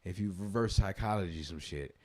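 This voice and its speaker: A man's voice: low-pitched, a little fast, a little mellow. A man co-hosting a podcast in casual chat, laid-back and rambling, swearing now and then. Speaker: podcast co-host.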